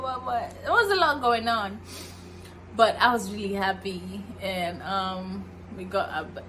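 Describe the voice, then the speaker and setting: A young woman from Kenya telling a casual story while cooking at home, animated and acting out the people she quotes. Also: mid-range voice, a little hiss or hum, rough recording. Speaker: vlogger. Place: home kitchen.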